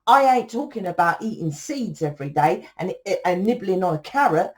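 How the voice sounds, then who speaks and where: A woman's voice: lowish voice, very animated, normal speed, darkish tone. A woman, a tarot reader in a casual spiritual monologue, blunt and profane, rambling and tagging sentences with "right?".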